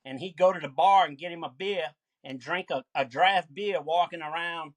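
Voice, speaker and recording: A man, a podcast guest reminiscing about his childhood in a relaxed way. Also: fairly high pitch, moderate pace, dry recording. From Westbank of New Orleans. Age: 60s. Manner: relaxed reminiscing, many fillers. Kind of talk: casual interview chat.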